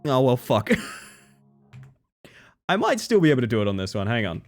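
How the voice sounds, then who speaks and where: A man streaming live and chatting casually with his viewers, animated, often breaking into high squeals and laughter. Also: moderate pace, faint music behind. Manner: chatty, thanks viewers warmly.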